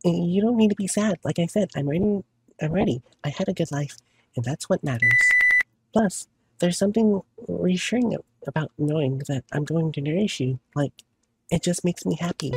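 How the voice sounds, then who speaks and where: A man's voice: high-pitched, moderate pace, darkish tone, pitched above the performer's own voice. A man voicing a sweet mushroom girlfriend. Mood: tender. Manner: tender and reassuring. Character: sweet young mushroom girlfriend, gentle and devoted.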